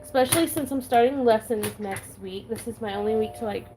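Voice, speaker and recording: A woman's voice: a little high, brisk, background noise. A woman vlogger chatting casually while she stamps her planner, giggly and talking with a valley-girl lilt.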